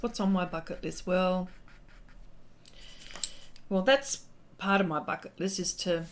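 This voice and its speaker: An Australian woman hosting a casual art livestream, chatting and reading viewer comments aloud with lots of fillers and laughter. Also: on the low side.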